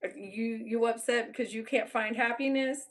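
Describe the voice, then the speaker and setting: A woman's voice: on the high side, steady tone, moderate pace. A young Texan woman chatting casually with viewers on a live stream, blunt and loose, swearing and laughing often. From Texas. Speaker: YouTuber.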